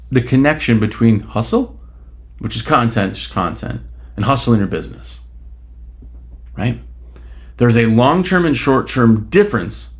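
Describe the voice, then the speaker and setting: A man hosting a solo podcast, talking bluntly and casually with a bit of swearing, and peppering his points with rhetorical questions. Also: medium pitch. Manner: blunt, opinionated, casually profane; rhetorical questions, frequent "right?". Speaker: podcast host.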